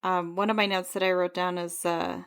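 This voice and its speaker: A young woman co-hosting a book club podcast, chatting casually and retelling scenes with animated, playful energy. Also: lowish voice, moderate pace, vocal fry, clear, resonant tone.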